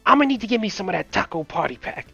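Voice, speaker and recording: A brash young guy shouting his order at a drive-thru, high and loud, with a showy put-on accent, as a man mimics him. The audio is dull and lo-fi, with faint game music behind. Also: very animated, fast talker, creaky, husky, no echo, exaggerated voice.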